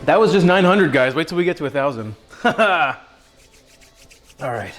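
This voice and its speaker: A man's voice: on the high side, expressive, normal speed, faint music behind. A young man hosting a casual cooking livestream, joking and chatting with his viewers as he cooks. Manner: playful, joking, talks to chat viewers.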